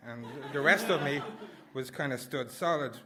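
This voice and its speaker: A man's voice: mid-range voice, moderate pace, crowd noise. A man performing a comic personal story at a live story slam, rambling and self-mocking, laughing through his lines. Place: small live venue indoors.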